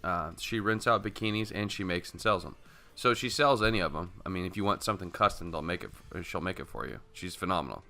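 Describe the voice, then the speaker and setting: A man co-hosting a podcast, telling stories in lively casual chat, laughing loudly and swearing freely. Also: sits low, fast, gravelly, hardly any pauses. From Texas. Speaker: podcast co-host.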